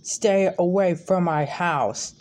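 A man voicing a grumpy old male neighbor who yells angrily at kids. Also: high voice, slow pace. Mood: angry yelling. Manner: yelling, angry.

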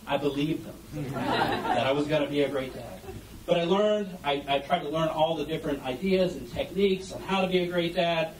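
Heard from a distance in an echoey event hall, a man gives a funny onstage talk about parenting, animatedly telling stories and putting questions to the audience. His voice is a little high, at normal speed, with a faint hiss or hum.

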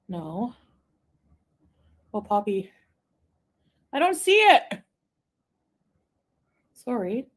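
A woman from Quebec chatting casually on a live stream, reading viewer comments, rambling and giggling, sometimes trailing off into a soft mumble. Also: mid-range voice. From Quebec, Canada. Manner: rambling, easily distracted, giggly asides. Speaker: livestreamer.

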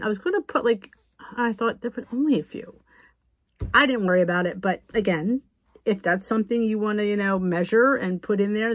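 An American woman with a mid-range voice hosts a home cooking video, chatting and rambling as she walks viewers through a recipe. It's a casual cooking demonstration, and the recording quality is low.

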